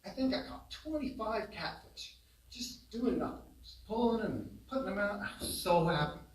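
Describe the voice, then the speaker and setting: A man telling humorous family stories in a eulogy at a funeral home, animated and laughing along, recorded from a distance. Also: high voice, normal speed. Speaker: son giving a eulogy. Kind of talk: humorous memorial storytelling. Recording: roomy, distant hall sound.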